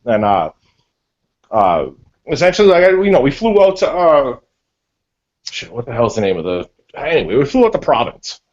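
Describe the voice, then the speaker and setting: A man from Massachusetts telling stories on a group video call, animated and full of swearing. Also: medium pitch, moderate pace, pauses often. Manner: profane, animated storytelling. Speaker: panelist. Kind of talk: casual storytelling on a group call. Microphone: online video call. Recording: dull lo-fi call audio.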